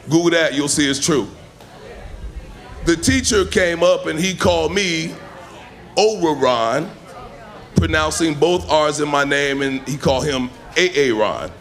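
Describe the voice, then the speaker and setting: A man's voice: on the high side, a bit bright. A man doing stand-up on a comedy club stage, talking conversationally and tossing in punchy asides. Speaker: stand-up comic. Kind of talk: stand-up storytelling.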